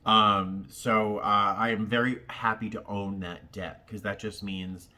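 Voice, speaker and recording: A man from Massachusetts vlogging in a casual, heartfelt way, halting and rambling with lots of ums and restarts. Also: fairly low pitch, fairly even intonation, sharp tone. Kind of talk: casual direct-to-camera chat.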